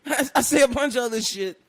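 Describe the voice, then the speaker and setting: A man co-hosting a casual podcast, telling a story with animated energy, laughing often and breaking into loud bursts. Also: extremely high pitch, slight background noise. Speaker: podcast co-host.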